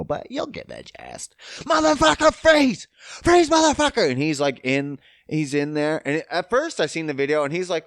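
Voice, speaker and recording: Animated, sarcastic male podcast host. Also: mid-range voice, no echo, clean studio sound. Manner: animated, profane, sarcastic ranting. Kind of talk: casual podcast monologue.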